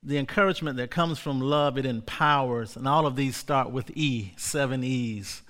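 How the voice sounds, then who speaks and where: A man preaching a sermon, leading the congregation in call-and-response and building to fervent shouts. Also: medium pitch, moderate pace. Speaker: pastor. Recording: long hall reverb.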